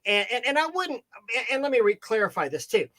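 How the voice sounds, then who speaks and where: A man with a fairly high voice co-hosts a relaxed live video chat. He gives frank advice and often stumbles and restarts his sentences. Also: brisk. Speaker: co-host.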